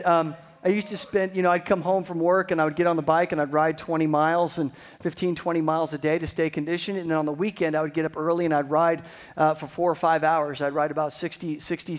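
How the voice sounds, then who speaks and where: A pastor telling a personal story in a sermon, building to excited emphasis. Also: male voice, a little high.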